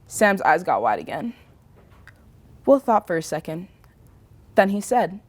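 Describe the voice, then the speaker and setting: A woman reading a story aloud in a slow, measured narration. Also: lowish voice, big pitch swings. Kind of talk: audiobook reading.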